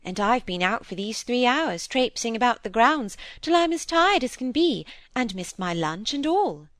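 Sweet-voiced young lady in mourning, read by a woman; gentle and coaxing. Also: medium pitch, sing-song, normal speed, no room sound, lightly acted. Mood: petulant.

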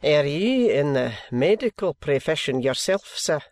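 A man's voice: on the high side, big pitch swings, unhurried, darkish tone, dry recording. A man voicing a testy, blunt male doctor with a broad Scottish accent. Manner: gruff broad brogue.

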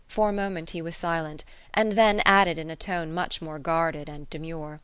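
A woman narrating an audiobook of a classic novel in a measured, even way. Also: sits low, clear, resonant tone, no room sound. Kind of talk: scripted narration.

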